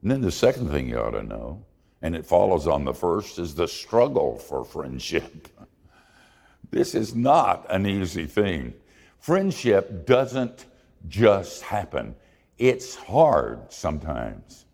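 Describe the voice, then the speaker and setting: A deep, gravelly man preaches slowly, his pitch swinging widely as he leans into funny, confessional stories. A long hall reverb lingers behind his words. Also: very animated, darkish tone. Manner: folksy, humorous and confessional. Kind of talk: sermon with storytelling.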